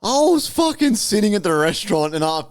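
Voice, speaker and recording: A young Australian man in casual podcast chat, blunt and swearing, dropping low when quoting himself. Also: sing-song, fairly quick, no echo. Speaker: podcast co-host.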